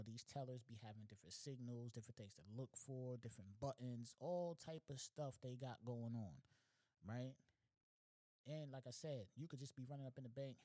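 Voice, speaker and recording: A man hosting a podcast, telling a story in a casual, slangy, animated way, often asking "you know what I'm saying". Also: medium pitch, no echo. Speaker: podcast host.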